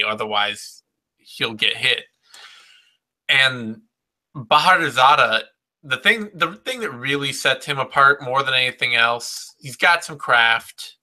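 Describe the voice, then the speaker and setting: A man co-hosting a podcast, giving animated fight analysis in casual conversation, with some swearing. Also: mid-range voice. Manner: animated, swearing, talks with quoted reactions.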